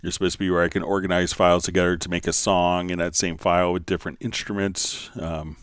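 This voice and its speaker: A man hosting a live software tutorial, answering viewer questions and thinking aloud as he clicks through menus. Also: low voice, little pitch movement, fast talker, clean tone, no room sound. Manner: thinking aloud, many fillers.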